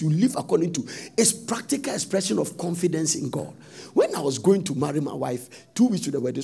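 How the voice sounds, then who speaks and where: A man preaching a sermon, telling stories and rising into sudden loud sung-out phrases. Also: on the high side, creaky, breathy edge.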